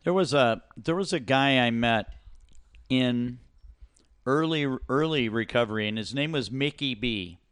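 A man's voice: mid-range voice, unhurried, fairly bright tone, smooth. A man telling a story in casual chat, loose and profane.

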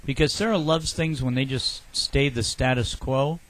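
A man's voice: mid-range voice, normal speed, fairly bright tone, a little hiss or hum. A man co-hosting a casual podcast, bantering and joking with his co-hosts. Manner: jokey, acts out little voices in his stories. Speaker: podcast co-host.

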